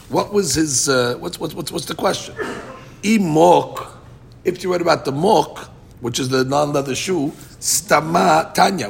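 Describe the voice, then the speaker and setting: A man's voice: fairly high pitch, creaky, slight background noise. A man teaching a Talmud study class, explaining in English with chanted Aramaic quotes and frequent restarts.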